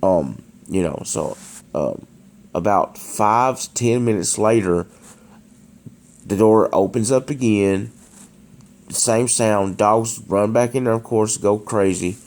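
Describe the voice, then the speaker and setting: Low gravelly man telling a story. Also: slow, darkish tone. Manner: hesitant, many restarts and fillers. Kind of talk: casual spoken storytime. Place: dark room at home.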